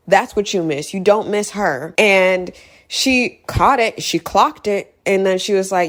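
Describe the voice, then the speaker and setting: A woman's voice: mid-range voice, measured pace. A young woman giving a heated, exasperated casual recap of a movie, repeating points for emphasis. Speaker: video creator.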